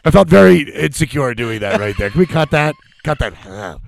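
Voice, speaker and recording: A man, a comedian guest, telling a story in casual chat, animated and laughing often. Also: on the high side, moderate pace, gravelly, a little hiss or hum.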